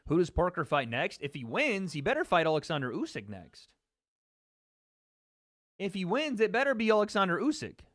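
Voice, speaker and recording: A man's voice: high-pitched, wildly swooping pitch, normal speed, pauses often, fairly bright tone, no room sound. Chatty man livestreaming, dry close mic. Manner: loose and chatty, talks straight to chat, jokes and repeats himself. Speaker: livestream host. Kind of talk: casual livestream chat reacting to fight chat.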